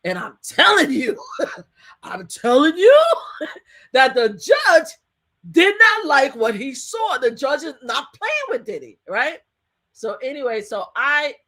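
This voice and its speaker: A woman with a fairly high, sharp, bright voice tells her story as an interview guest. She is animated, laughs easily and acts out what other people said. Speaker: survivor advocate guest.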